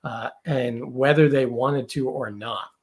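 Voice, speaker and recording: A man's voice: mid-range voice, measured pace. A man talking as a podcast guest in casual conversation, chatty and loose, full of fillers and quoted asides.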